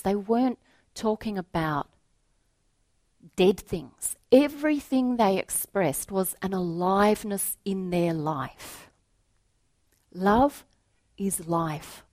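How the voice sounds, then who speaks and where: A woman giving a reflective spiritual talk, telling a story to make her point in a gentle voice that often drops to a soft hush. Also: mid-range voice, no echo. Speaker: spiritual teacher.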